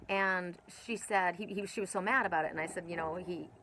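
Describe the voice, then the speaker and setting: A woman's voice: fairly low pitch, brisk, sharp tone, a little hiss or hum, low-quality recording. A woman doing a casual oracle card reading outdoors, rambling through personal stories with many fillers. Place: outdoors with birds nearby.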